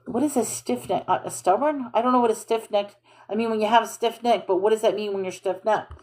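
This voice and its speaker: A woman's voice: medium pitch, quick pace, darkish tone. A woman reading scripture aloud and discussing it in a questioning, informal, think-aloud way. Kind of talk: casual bible reading and commentary.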